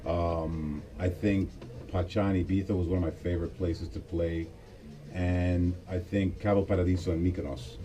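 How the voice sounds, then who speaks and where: A man from the United States, a DJ guest in a casual radio interview, talking in a relaxed, reflective way. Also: low-pitched. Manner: relaxed, reflective, quick to laugh. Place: radio studio.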